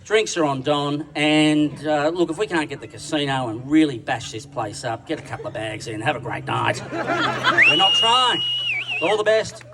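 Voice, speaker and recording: A man's voice: fairly high pitch, expressive, normal speed, hardly any pauses. Teasing Australian man roasting from afar. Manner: irreverent, teasing, slangy. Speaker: roast speaker. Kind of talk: comic roast speech at a dinner. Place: dinner function room. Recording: distant mic with background noise.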